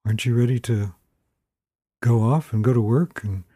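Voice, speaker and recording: A man's voice: mid-range voice, steady tone, moderate pace, dark tone, breathy edge, no room sound, clean studio sound, close to an everyday voice. A man voicing an impatient wife who scolds her husband in a told story. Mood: exasperated. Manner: scolding, exasperated. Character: impatient wife, middle-aged woman.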